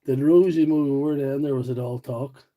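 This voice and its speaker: A man's voice: mid-range voice, fairly even intonation, moderate pace, mellow. A man with a rural County Derry accent, hosting a repair livestream and chatting in a rambling, self-deprecating way while he works. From Northern Ireland, County Derry. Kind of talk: casual chat while repairing tools.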